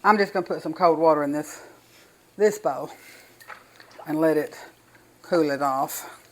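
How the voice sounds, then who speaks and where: A woman's voice: low-pitched, unhurried, poor audio. An older woman with a Southern US accent, chatting folksily and enthusiastically while demonstrating home cooking in her kitchen.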